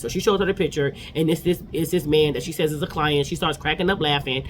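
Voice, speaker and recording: A woman's voice: sits low, fast, few pauses, a little hiss or hum. A woman in her forties giving a chatty, opinionated casual recap of reality TV episodes.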